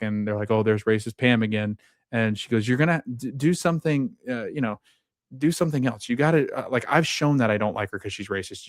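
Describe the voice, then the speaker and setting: A young man giving a casual, animated recap of a TV episode as a podcast host, laughing often and acting out lines. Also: medium pitch, no echo, clean studio sound.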